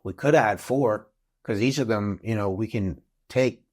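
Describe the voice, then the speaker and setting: A man, a father and guest on a podcast, telling a story in a casual, animated way and acting out what people said. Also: fairly low pitch, normal speed. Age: adult father of school-age kids. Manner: animated, acts out quotes in the story.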